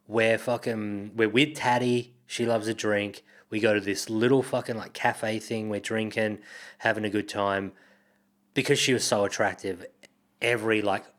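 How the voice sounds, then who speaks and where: A young man, a comedian guest, telling a story in casual chat, swearing often and laughing as he goes. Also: lowish voice. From Australia. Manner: profane, laughing, animated retelling.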